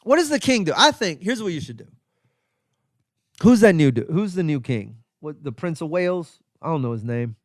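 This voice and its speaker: A man hosting a comedy podcast, riffing sarcastically in a rambling, profane monologue full of restarts and sudden high exclaims. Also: sing-song, moderate pace, no echo, clean studio sound. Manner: jumps into high exclaims for emphasis. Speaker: podcast host.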